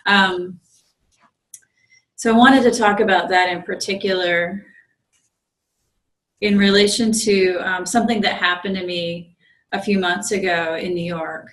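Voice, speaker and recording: A woman priest telling a story in a relaxed dharma talk, with frequent fillers and restarts. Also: mid-range voice, a little slow, long pauses. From United States. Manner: conversational, many fillers and restarts. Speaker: visiting Zen priest giving a dharma talk. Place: meditation group room. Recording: roomy echo.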